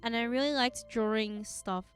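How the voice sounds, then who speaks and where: A woman's voice: on the high side, moderate pace, soft background music. A young woman streaming live, chatting casually to her viewers in a rambling way and giggling often.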